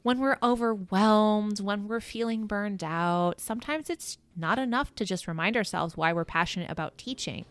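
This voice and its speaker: A woman's voice: mid-range voice, normal speed, hardly any pauses, clear, resonant tone. A woman co-hosting a teaching podcast in casual, upbeat chat, laughing easily. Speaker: podcast co-host.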